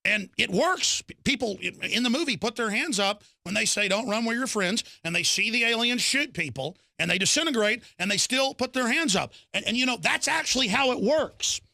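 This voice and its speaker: A middle-aged man hosting a talk show, delivering a fiery political monologue that rises into shouts and slips into mocking voices. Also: extremely high pitch, lively intonation, brisk, creaky, hardly any pauses, dry recording, studio quality. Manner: ranting, fiery, mocking impressions, builds to shouts.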